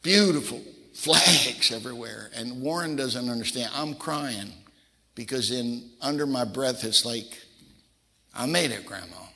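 Gravelly older man preaching in a hall. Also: medium pitch, a little slow, bright, forceful tone, a little hiss or hum. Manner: folksy storyteller, acts out quoted voices. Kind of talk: sermon storytelling. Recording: reverberant hall.

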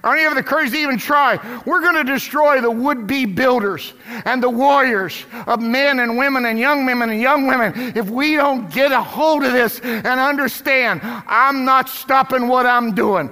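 A man's voice: extremely high pitch, normal speed, sharp tone, in a large hall. A male pastor preaching a sermon with impassioned, repetitive emphasis. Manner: impassioned, repeating phrases for emphasis.

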